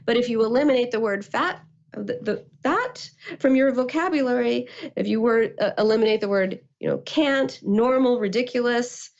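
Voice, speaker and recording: A woman, a therapist and author, giving calm, measured answers as a guest and acting out quotes as she explains. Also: on the high side. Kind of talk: interview answers. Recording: muffled lo-fi audio.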